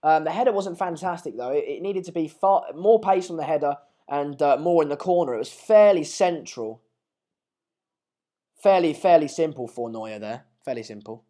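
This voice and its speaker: A young man, hosting a casual live match watch-along, reading out viewer comments in a chatty, rambling way and sounding slightly hoarse. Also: a little high, expressive, normal speed, dark tone. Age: late teens. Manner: chatty, rambling, restarts mid-sentence, calls viewers mate and pal. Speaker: live stream host.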